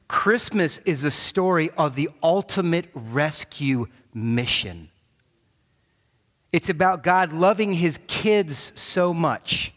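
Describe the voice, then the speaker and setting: A man preaching in a large church, his slightly high voice trailing off into a long hall reverb. He tells his story with energy and acts out the voices he quotes. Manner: animated storytelling, acting out quotes. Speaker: pastor. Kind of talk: sermon with personal story.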